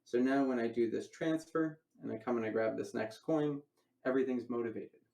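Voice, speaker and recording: A man with a gravelly voice gives a casual magic lecture. He rambles, restarts phrases and talks through moves as he demonstrates them. The room around him is echoey. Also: mid-range voice, a little fast, mellow, recorded from a distance.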